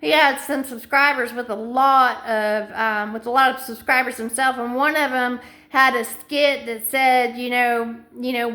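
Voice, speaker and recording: Woman, middle-aged, bright sharp voice, anxious insistent ramble, talking to camera. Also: a little high, steady tone, unhurried. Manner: long run-on chains of "and", anxious and insistent. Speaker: vlogger.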